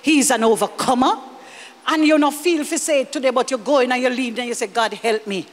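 A woman with a Jamaican accent preaching a lively sermon, slipping into Jamaican Creole and chuckling as she speaks. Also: high voice, fast, long reverb tail. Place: church hall.

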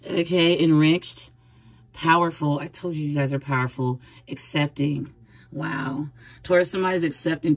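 A woman's voice: sits low, darkish tone, rough recording. A woman giving a casual tarot reading, chatty and speaking straight to the viewer with frequent laughs. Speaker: tarot reader.

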